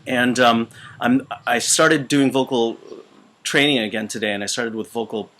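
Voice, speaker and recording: A voice teacher and choir conductor with a mid-range, fairly bright voice that sounds weakened and out of shape makes a casual instructional video in a small retreat room. He speaks haltingly, with many fillers and restarts.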